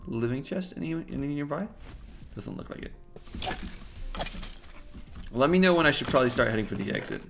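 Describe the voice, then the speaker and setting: A young man streaming a video game with a friend, joking and bursting into loud yelps. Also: mid-range voice, brisk, vocal fry, pauses often, noisy background. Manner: excitable, jokey, swings to loud yelps. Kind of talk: casual gaming chat. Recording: faint game music behind.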